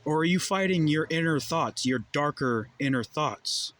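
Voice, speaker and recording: A man's voice: fairly high pitch, expressive, moderate pace, fairly bright tone. A young adult man delivering a heated, profane monologue full of rhetorical questions. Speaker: vlogger. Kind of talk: ranting monologue.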